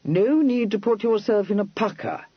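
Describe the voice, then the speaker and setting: A man voicing an amiable young Regency gentleman in an audiobook, drawling in clipped, slangy phrases with unhurried patience. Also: high voice, expressive, slightly rough, no echo, dull audio, pitched above the performer's own voice. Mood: genial.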